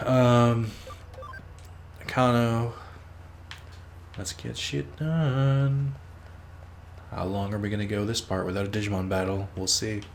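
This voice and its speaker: A low-pitched man chats loosely over his gameplay, drifting from topic to topic, cursing casually and poking fun at his own slip-ups. He is close on a desk mic, with a faint hum of room ambience underneath. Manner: rambling, swears freely, teases himself. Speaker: let's play host.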